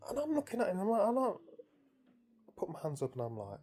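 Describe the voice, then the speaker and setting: A man's voice: sits high, huge pitch swings, fast talker, pauses often, mellow, a little hiss or hum. A man casually recounting a dream to his viewers, amused and rambling, with frequent restarts. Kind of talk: casual storytelling.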